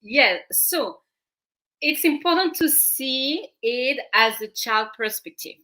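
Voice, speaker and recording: A woman's voice: high-pitched, lively intonation, slow, bright, forceful tone. A woman with a French accent, a parenting coach explaining her method step by step as a guest on a talk show. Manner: explains step by step, repeating phrases.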